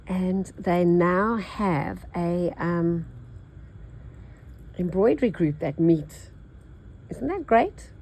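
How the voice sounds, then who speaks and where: A woman's voice: on the low side, expressive, very slow, pauses often, darkish tone, low-quality recording. An older Australian woman with a nasal voice, chatting in a rambling way while she stitches and teaches embroidery. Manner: rambling, chatty, thinks aloud. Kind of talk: casual chat while stitching.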